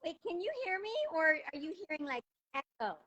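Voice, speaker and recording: A woman's voice: high-pitched, animated, fairly quick. A woman author joining a live video interview as a guest, talking casually with self-deprecating humor. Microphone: video call.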